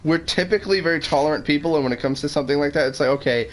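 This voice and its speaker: A man co-playing on a stream, explaining his views calmly with some swearing. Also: a little high, rapid-fire, slight background noise. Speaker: co-player. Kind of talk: casual gaming chat.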